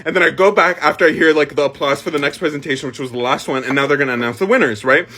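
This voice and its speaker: A young man telling an embarrassing childhood story in a casual, animated way, swearing and laughing as he goes. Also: on the high side, very fast.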